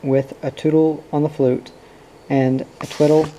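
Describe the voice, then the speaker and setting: A man reading a novel aloud in an unhurried, even storytelling delivery. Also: a little high, slight background noise, poor audio. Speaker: reader. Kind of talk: audiobook narration of a novel.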